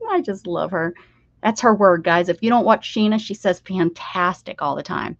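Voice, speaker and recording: With a voice on the low side, she speaks in a sing-song way at normal speed, and there's no echo. She's from Pennsylvania and hosts a casual art livestream, chatty with her viewers as she draws and at times drifting into a whisper, captured in slightly dull lo-fi stream audio.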